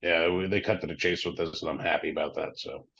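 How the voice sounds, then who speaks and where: Deep-voiced male co-host, easygoing and agreeable; slightly dull, dry audio. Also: steady tone, quick pace, fairly bright tone. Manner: laid-back, agreeable, brief replies. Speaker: podcast co-host. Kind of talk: casual wrestling podcast chat.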